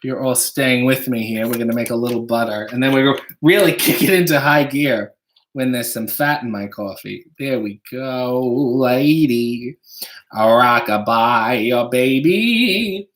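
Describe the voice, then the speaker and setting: Bright-voiced man, wry livestream host. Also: medium pitch, brisk. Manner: wry, dry joking asides. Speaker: livestream host reading viewer donations. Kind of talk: casual livestream chat.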